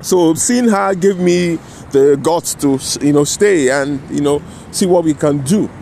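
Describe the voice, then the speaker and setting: A man with a slightly higher voice tells a personal story outdoors in a city. He rambles and restarts his sentences, checking in with "you know" and "right?", while faint traffic hums behind him. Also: measured pace, creaky, dark tone. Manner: restarts and self-corrections mid-sentence. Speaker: vlogger telling a personal story. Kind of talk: casual spoken storytelling.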